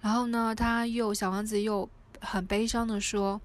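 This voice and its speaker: A woman's voice: mid-range voice, level tone, normal speed. A woman reading and retelling a storybook aloud, hesitant with frequent fillers and restarts.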